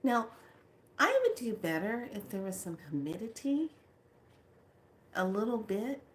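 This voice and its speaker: A woman's voice: mid-range voice, sing-song, a little slow, slight background noise. A woman from California, a spiritual consultant and author, chatting casually and rambling through stories with frequent laughs. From California, United States. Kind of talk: casual livestream chat.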